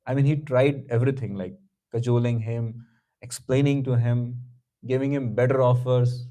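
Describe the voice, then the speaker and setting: Mellow man telling a story. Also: mid-range voice, normal speed, poor audio. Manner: conversational, lots of "you know", chuckling. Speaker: teacher of a scripture class. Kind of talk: storytelling in a scripture class.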